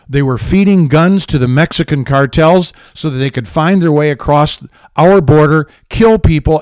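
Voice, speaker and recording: A man hosts a political talk show in a heated, indignant rant full of sarcasm. His voice sits a little high for a man. The sound is dry and close, with no room echo. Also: darkish tone, clear, resonant tone. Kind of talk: angry political commentary.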